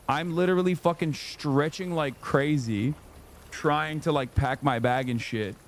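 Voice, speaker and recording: Telling a story on his livestream, this man in his thirties is casual, animated and profane, slipping into high-pitched quoted voices. He's a streamer.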